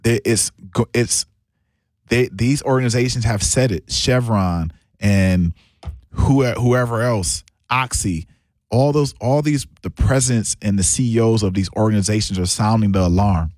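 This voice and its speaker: A man hosting a talk radio show, talking in a halting way with many restarts, his voice lifting when he stresses a point. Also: on the low side, a little mellow, dry recording, clean studio sound. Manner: halting, restarts often, voice lifts on emphasis. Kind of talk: casual talk radio commentary.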